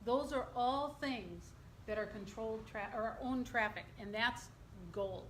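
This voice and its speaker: A middle-aged woman giving an interactive workshop presentation, lively and quizzing her audience. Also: fairly high pitch, unhurried. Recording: echoey room, faint background noise.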